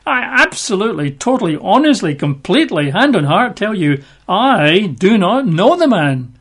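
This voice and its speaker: A man's voice: sits high, sing-song, normal speed, a bit bright, slightly rough, voice pushed up, heavily acted. Frantic fisherman, raised pleading voice , read out by a male Bible teacher. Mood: protesting. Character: panicked grown man, a fisherman, swearing he is innocent.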